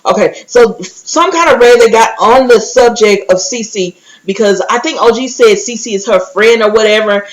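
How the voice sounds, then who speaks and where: A woman giving a casual, chatty recap, telling the story with animated asides and quickly acting out what others said. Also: a little high, rough recording. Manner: quick acted-out quotes of others. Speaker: recap vlogger.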